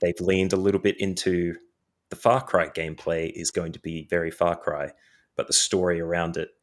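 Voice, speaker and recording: A man's voice: low-pitched, little pitch movement, moderate pace. A man co-hosting a casual gaming podcast, talking through his opinions at length. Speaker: podcast co-host.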